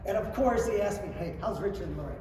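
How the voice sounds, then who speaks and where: A middle-aged man giving a motivational storytelling talk to coaches, acting out quotes and swinging from quiet asides to shouting. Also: sits high, expressive, quick pace, a crowd in the background. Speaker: coach clinic speaker. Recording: roomy hall, distant mic, faint ambience.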